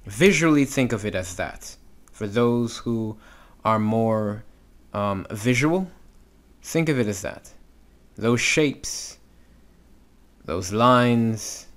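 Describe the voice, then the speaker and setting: A man's voice: lowish voice, animated, slow, long pauses. A man teaching Hebrew reading, patiently sounding out letters and syllables step by step. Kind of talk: instructional walkthrough.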